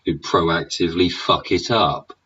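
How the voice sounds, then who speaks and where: A man's voice: low voice, a little slow, bright, forceful tone, husky, distant mic. An English man in a sweary, sneering political rant, throwing in "yeah?" and "innit?" as he goes. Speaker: vlogger. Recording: dull sound, away from the mic.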